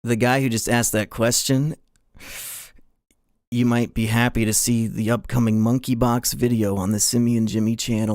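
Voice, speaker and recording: A man's voice: medium pitch, flat delivery, normal speed, darkish tone. Foul-mouthed sarcastic streamer guy. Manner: crude, profane and sarcastic. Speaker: streamer answering viewer donations. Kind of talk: casual livestream Q&A.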